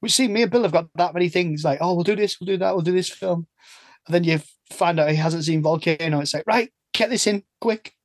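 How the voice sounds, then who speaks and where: A man's voice: a little high, fairly even intonation, fast, no room sound. An English man in casual podcast chat, rambling and cutting himself off mid-sentence. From England. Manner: chatty, rambling, self-interrupting. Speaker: podcast host.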